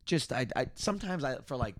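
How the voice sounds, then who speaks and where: A man's voice: mid-range voice, lively intonation, fairly quick, a bit bright, slight background noise. A man co-hosting a casual podcast, reading trivia from his notes with rambling asides. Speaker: podcast co-host. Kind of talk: casual chat.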